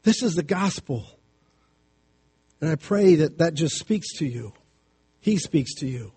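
A middle-aged man preaches a sermon in the role of a family counselor, and his voice is slightly high, dark and husky, with an animated energy. He weaves scripture together with homely stories, keeping it conversational and tossing in quick asides as he goes.

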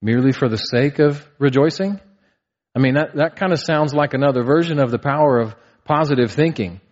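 A man's voice: mid-range voice, brisk, darkish tone. A man in his thirties preaching a sermon, earnest, asking rhetorical questions and building to emphatic peaks. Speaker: pastor. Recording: slightly dull, muffled sound.

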